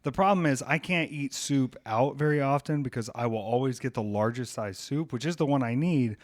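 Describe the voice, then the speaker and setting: A man's voice: medium pitch, a little fast, dry recording, clean studio sound. Rambling jokey male podcast host. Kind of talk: casual chat.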